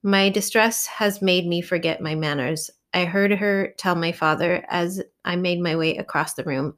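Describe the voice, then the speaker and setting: A woman narrating a novel in the first person, reading in a measured, expressive way. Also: lowish voice. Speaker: audiobook narrator.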